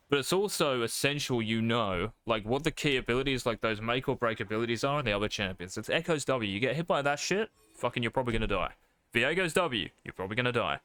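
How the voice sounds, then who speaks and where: A man's voice: mid-range voice, sharp tone, clear, resonant tone, no echo. A man coaching a player over a live stream, blunt and profane, calling his student mate. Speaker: game coach.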